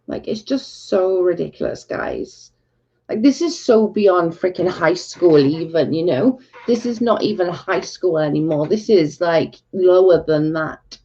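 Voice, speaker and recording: A woman's voice: on the low side, dark tone. Exasperated woman ranting on a stream. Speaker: livestream host. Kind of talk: casual livestream chat. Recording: dull lo-fi stream audio.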